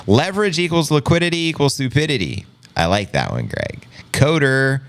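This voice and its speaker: A man's voice: mid-range voice, sing-song, normal speed, fairly bright tone. A man hosting a casual livestream, reading viewer comments aloud with playful, joking banter and frequent laughs. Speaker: host.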